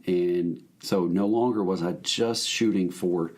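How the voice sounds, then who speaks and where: A man, a minister telling his story as a podcast guest in a lively, joking, folksy way. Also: low voice, a little slow. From Alabama, US. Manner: animated, jokey, folksy. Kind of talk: casual storytelling conversation.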